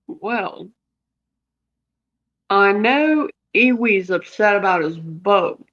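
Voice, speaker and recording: A player in a tabletop role-playing game speaks slowly and haltingly. The recording sounds dull and a little lo-fi. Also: mid-range voice, lively intonation, a bit bright. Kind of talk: tabletop role-play chat.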